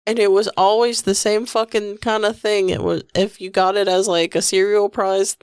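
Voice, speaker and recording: A woman chatting on a podcast, reminiscing and swearing freely as she riffs about a movie. Her voice is at a middle pitch for a woman, close-miked and dry. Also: flat delivery, moderate pace, darkish tone, clear, resonant tone, no echo. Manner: profane, chatty, nostalgic. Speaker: podcast co-host. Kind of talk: casual movie-review chat.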